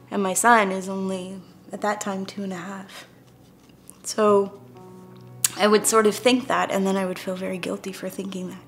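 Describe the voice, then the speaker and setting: A woman telling her story as a mother in a documentary, candid and often dropping to a hushed voice. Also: mid-range voice, level tone, normal speed, faint music behind. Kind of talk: documentary testimony.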